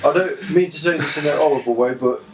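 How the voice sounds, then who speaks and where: A man's voice: on the high side, fast, recorded from a distance. A man playing in a tabletop game, joking around in casual banter. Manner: jokey, laughing asides. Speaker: player.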